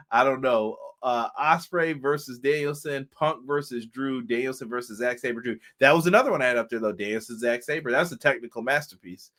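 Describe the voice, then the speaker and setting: A man's voice: medium pitch, fairly quick, a bit bright. A male co-host, chatting casually and animatedly on a live wrestling stream, often exclaiming and swearing.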